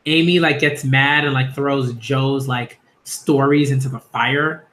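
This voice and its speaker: A man's voice: medium pitch, steady tone, a little slow, a bit bright. A man reviewing a manga in a rambling, chatty live reaction, with slangy asides. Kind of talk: casual live reaction commentary.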